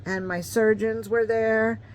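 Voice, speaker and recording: A woman's voice: a little high, steady tone, slow, slight background noise, poor audio. Rambling woman in her fifties telling her story. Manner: rambling, conversational, many fillers. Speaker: vlogger. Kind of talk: personal storytelling.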